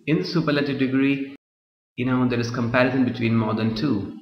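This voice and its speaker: A man's voice: mid-range voice, fairly even intonation, brisk. A man teaching a grammar lesson, repeating his points and checking with the class again and again. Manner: repeats points, keeps asking "Clear?". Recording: muffled echoey room, voice drifting from mic.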